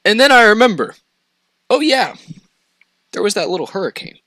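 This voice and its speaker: A young man casually telling a story on a podcast, animated and profane, laughing as he goes. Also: sits high, normal speed, no echo.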